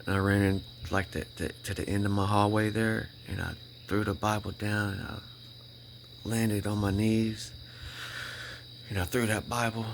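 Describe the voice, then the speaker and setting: This vlogger shares his faith testimony casually but emphatically, in a low, flat, gravelly male voice with slight hiss or hum on the recording. He repeats himself, restarts sentences, and keeps checking in with "right?" and "you know?", faltering into restarts when emotion rises.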